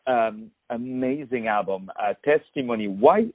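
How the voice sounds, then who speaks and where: A man from France with a French accent hosts a radio interview, speaking effusively, full of praise, and halting with fillers. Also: medium pitch, no room sound. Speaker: radio host. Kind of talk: phone interview. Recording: tinny dry phone line.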